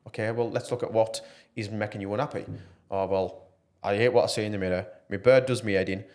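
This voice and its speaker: Earnest man, low voice. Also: fairly even intonation, quick pace, a little mellow. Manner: earnest, passionate, frequent fillers. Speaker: podcast guest. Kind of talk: casual podcast interview.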